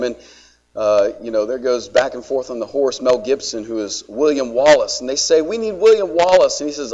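A man's voice: medium pitch, lo-fi sound. A man preaching a sermon in a conversational way, with joking asides to the congregation. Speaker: pastor.

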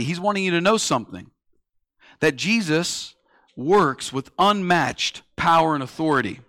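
A man in his thirties delivers a sermon with a slightly higher voice than most men. He moves between raised, urgent lines and quiet, hushed ones as he tells his stories. The recording is close and dry, with almost no room sound. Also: no echo. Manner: storytelling preacher, swings from loud to hushed. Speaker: pastor.

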